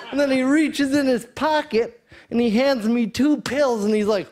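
On a studio stage before a live audience, a stand-up comedian tells a story in a laid-back way, punctuating it with punchy quoted voices. His voice is very high-pitched and moves at a normal speed, with slight background noise. A live stage mic captures him along with loud audience laughter.

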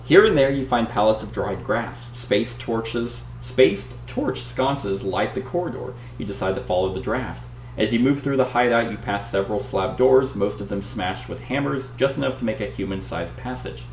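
Lowish male voice reading game story. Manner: dramatic read-aloud, lively banter. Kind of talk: casual play-through with read-aloud narration. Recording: echoey room, faint hum.

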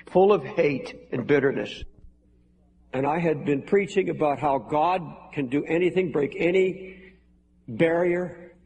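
A man's voice: fairly high pitch, measured pace, darkish tone, slight background noise. Earnest man preaching in a big hall. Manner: earnest, pleading preaching with emphatic repetition. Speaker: pastor. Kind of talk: sermon. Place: large church hall with balcony. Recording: live sermon in a reverberant hall, faint music.

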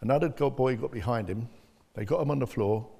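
An older man, a bereaved father appearing as an interview guest, bluntly gives personal testimony about his life. His medium-pitched voice is warm, creaky and slightly rough, and he talks fairly quickly. The recording has a long hall reverb.

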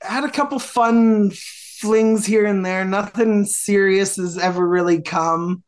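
A man's voice: high-pitched, fairly even intonation, a little slow. A man, a podcast guest, telling a long dating story in a casual, rambling way with many fillers and restarts.

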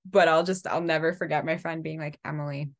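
A young actress, chatting in an interview and telling animated stories, laughing often and acting out quotes in high voices. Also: female voice, fast. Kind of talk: casual storytelling chat.

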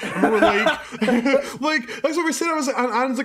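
A young man co-hosting a podcast, telling a story in casual chat, animated and profane, laughing as he goes. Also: extremely high pitch, brisk, few pauses. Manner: animated, swears a lot, laughs mid-sentence. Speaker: podcast co-host.

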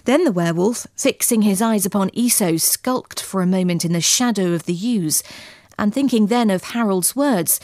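A woman reading a gothic tale as scripted narration, in a measured, dramatic, old-fashioned storytelling manner. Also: medium pitch, darkish tone, dry recording, clean studio sound. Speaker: audiobook narrator.

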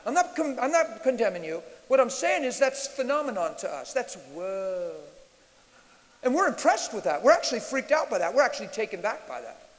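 Male preacher, high-pitched and bright, animated, occasionally shouts, live in a reverberant church hall. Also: quick pace. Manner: animated, shouts and mimics screams. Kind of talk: sermon Q&A. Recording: reverberant hall with faint hiss.

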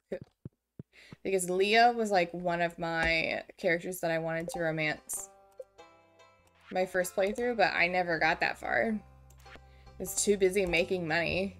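A young woman streaming a farming game, chatting casually and getting distracted. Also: mid-range voice. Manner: chatty, easily distracted, self-mocking. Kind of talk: casual gameplay commentary. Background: faint game music.

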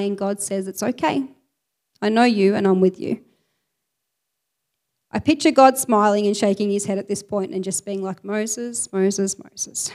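A woman preaching a sermon, reading scripture aloud with lively emphasis. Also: medium pitch.

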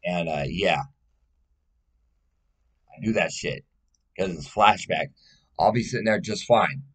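A man's voice: low voice, takes it slowly, fairly bright tone, husky. A man speaking in a casual personal monologue, rambling and blunt, swearing often and pleading emotionally.

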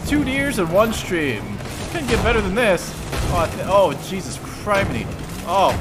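A male streamer with a high, very animated voice, joking and chatting to the game as he plays. Game music plays clearly underneath his talk. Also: moderate pace. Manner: animated, jokey, talks to the game. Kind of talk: casual gaming stream.

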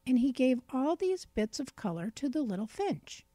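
A woman narrating a children's storybook in a gentle, clear read-aloud manner. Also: high voice, sing-song, normal speed, no echo.

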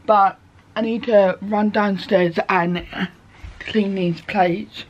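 Her voice is medium in pitch, steady in tone, and slow as she casually rambles through topics for her vlog. She's recording in her bedroom at home, and the sound is dull and lo-fi.

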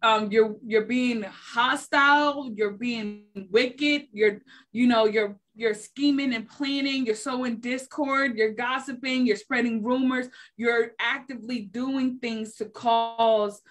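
A woman's voice: on the high side, steady tone, slow, hardly any pauses, fairly bright tone. A woman in a faith discussion who explains her points steadily, listing them one after another. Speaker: panelist.

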